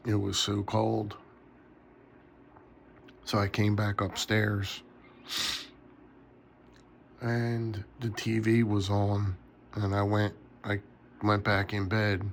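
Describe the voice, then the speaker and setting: A man's voice: lowish voice, level tone, drawn-out words, gravelly, long pauses, slight background noise. A tired man rambling casually in a late-night vlog from his bedroom, yawning often. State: sleepy. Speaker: knife collector vlogger.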